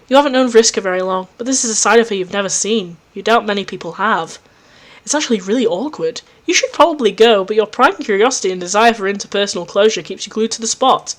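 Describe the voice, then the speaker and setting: A woman hosting a reading of fan fiction, narrating and gushing excitedly between scenes. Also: medium pitch, fast talker. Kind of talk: storybook narration with gushing reactions.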